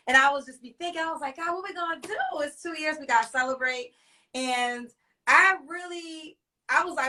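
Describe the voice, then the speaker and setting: Bright, high-voiced woman hosting. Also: far from the mic. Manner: effusive, emotional. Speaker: host. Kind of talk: live online talk show.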